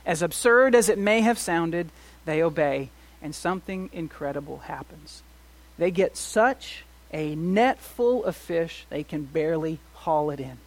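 A middle-aged pastor preaches a sermon in a fairly high male voice. He drops to a near hush, then climbs to loud, emphatic lines. He keeps pulling listeners in with rhetorical questions. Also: moderate pace. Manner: animated, swings from soft to loud, rhetorical questions.

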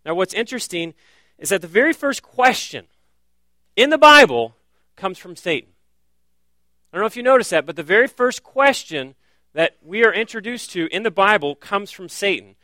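Guy pastor preaching, earnest, keeps firing off questions, kinda high and bright, dry sound. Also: big pitch swings, moderate pace, no echo. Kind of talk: sermon.

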